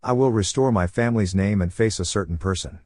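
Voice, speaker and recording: A man's voice: on the low side, fairly quick, dark tone, no echo, clean studio sound, natural voice. A man reading the lines of a cold, serious teenage boy ninja who speaks in a firm, curt tone.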